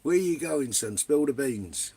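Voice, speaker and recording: A man's voice: mid-range voice, lively intonation, normal speed, dark tone, husky. An Englishman, casually chatting live from his camper van with viewers, full of banter and swearing, calling everyone mate and son. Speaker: vanlife live streamer.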